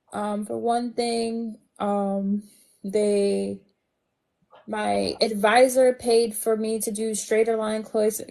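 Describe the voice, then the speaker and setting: Chatty woman with a gravelly voice. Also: mid-range voice, a little mellow. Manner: chatty, full of fillers. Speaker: guest. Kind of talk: casual live chat.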